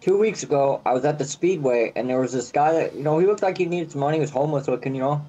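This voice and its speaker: A man's voice: fairly high pitch, fast, highs cut off. A man guesting on a casual chat show, telling blunt, profane stories. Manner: blunt, profane, animated storytelling.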